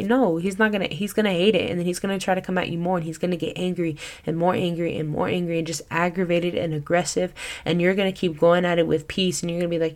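A woman's voice: on the low side, level tone, fast talker, a little mellow. A young woman giving a casual Christian teaching talk as a podcast host, earnest and chatty, full of "like" and "you know.".

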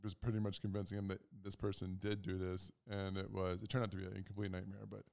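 A man's voice: quick pace, vocal fry. A man in his thirties co-hosting a casual chat, telling stories animatedly and acting out other people's lines. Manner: animated, acts out quotes in loud, high voices. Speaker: podcast co-host.

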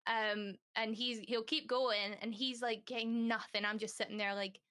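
A woman's voice: fairly high pitch, steady tone, normal speed, pushed and bright, clean tone. A young woman guest on a podcast, speaking candidly and at length in a rambling, casual way, full of "like" fillers. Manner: acts out quoted dialogue.

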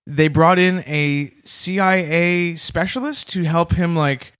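A man's voice: on the high side, takes it slowly, a bit bright, clear, resonant tone, no echo. A young man co-hosting a comedy podcast, chatty with a dry delivery. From Canada. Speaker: podcast co-host. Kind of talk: casual comedy podcast chat.

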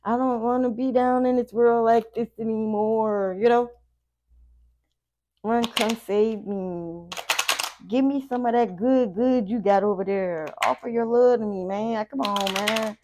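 A woman's voice: on the high side, steady tone, normal speed, few pauses, background noise, voice pushed up, lightly acted. A woman voicing a drained, pleading ex-lover who begs to be rescued, in a whiny, begging way.

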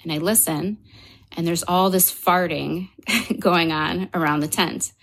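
A woman, a podcast guest, telling a personal story in casual conversation, animated and full of fillers, acting out other people's lines. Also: fairly low pitch, moderate pace.

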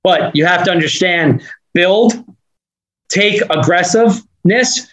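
A man with a Northeastern US accent, a podcast guest talking fast and with energy in run-on sentences. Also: sits high, fairly bright tone, poor audio. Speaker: podcast guest, business owner. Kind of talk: fast casual interview talk.

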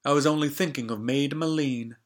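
A man voicing a humble young maiden who hides her identity and speaks in soft, old-fashioned lines. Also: mid-range voice, a little fast, voice pushed up, natural voice. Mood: wistful. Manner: soft archaic rhyming lines. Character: humble young maiden in disguise, gentle, secretive.

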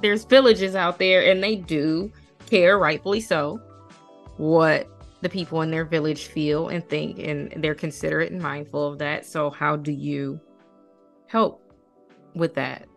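Animated woman host telling stories. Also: sits low, creaky, soft background music. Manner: animated storytelling, quick and expressive. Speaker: podcast host. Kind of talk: casual interview chat.

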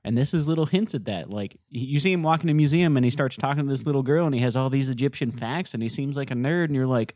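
A man's voice: mid-range voice, quick pace, hardly any pauses, darkish tone. A man with a mid-range voice co-hosts a podcast, talking casually and breaking scenes down point by point. He sounds enthusiastic, and the recording is dry and close with no room echo. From United States. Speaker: podcast co-host. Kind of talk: casual chat.

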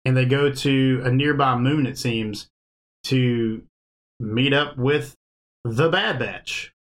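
A man's voice: medium pitch, takes it slowly, a bit bright. Man, podcast host, casual chat, rambling, laughs a lot, mid-range voice. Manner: chatty, laughs often, loose and rambling.

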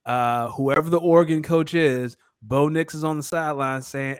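A man co-hosting a casual sports podcast, running down scores in a relaxed way with fillers. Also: medium pitch, moderate pace, few pauses, clean tone, no room sound, studio quality. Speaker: podcast co-host.

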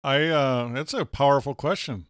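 A middle-aged man co-hosting a casual chat, deadpan and wisecracking, with a catchphrase he keeps coming back to. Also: medium pitch, normal speed, no echo, clean studio sound. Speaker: podcast co-host.

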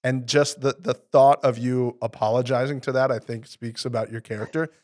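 A man's voice: mid-range voice, steady tone, moderate pace, a little mellow. A man co-hosting a podcast, playful, acting out silly scenarios while asking questions. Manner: playful, acts out scenarios in mock voices. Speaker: podcast co-host. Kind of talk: casual podcast interview.

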